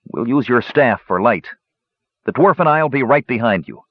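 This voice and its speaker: A man's voice: medium pitch, animated, normal speed, husky, no echo, phone-quality sound, voice pushed up. A man voicing a stern young warrior who leads the group and gives curt orders. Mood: commanding. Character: stern young male warrior leader, commanding.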